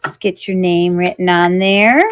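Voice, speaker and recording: A young adult woman hosting a live online jewelry auction, talking in a chatty, rambling way with lots of fillers and quick self-corrections. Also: fairly low pitch, steady tone, dry recording. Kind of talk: casual live-selling chat.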